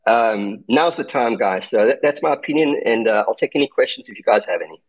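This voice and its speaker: A man's voice: medium pitch, lively intonation, brisk, low-quality recording. A man with a South African accent giving emphatic market commentary in an online audio chat, tagging his points with "okay?" and "right?". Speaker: crypto trader and guest speaker.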